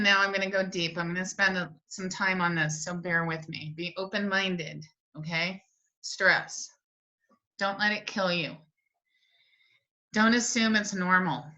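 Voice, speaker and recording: A woman's voice: mid-range voice, muffled recording. A middle-aged woman coaching a virtual workshop from her desk, talking with energy and acting out the voices of people she quotes. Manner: animated, acts out quotes. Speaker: wellness coach. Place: home office at a desk.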